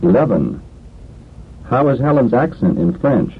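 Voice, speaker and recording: A course instructor with a mid-range voice reads a scripted language drill slowly and deliberately in a sing-song way. The lesson tape sounds tinny and lo-fi, with a little hiss or hum.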